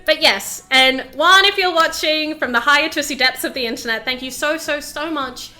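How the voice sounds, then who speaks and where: Bubbly high-voiced streamer woman. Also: normal speed, sharp tone. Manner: bubbly, chatty, full of "like" fillers. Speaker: VTuber streamer. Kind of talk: casual livestream chat.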